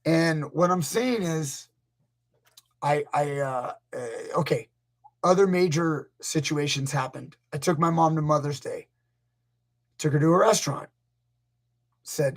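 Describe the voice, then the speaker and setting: A man's voice: on the high side, measured pace, long pauses. A man, a grappling coach hosting a casual live stream, rambling through stories and acting out what people said. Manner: rambling, storytelling, acts out quotes. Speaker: grappling coach, channel host.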